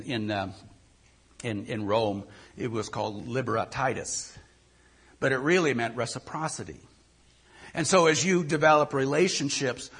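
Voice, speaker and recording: A man's voice: mid-range voice, a bit bright, breathy edge. An older male pastor giving a conversational sermon, often repeating words as he thinks.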